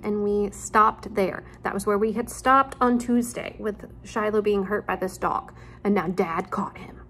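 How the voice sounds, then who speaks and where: Woman, teacher, casual chat, informal, frequent asides, recorded at home, faint background noise. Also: mid-range voice. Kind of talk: casual chat and story retelling to students. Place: at home, near a laundry room.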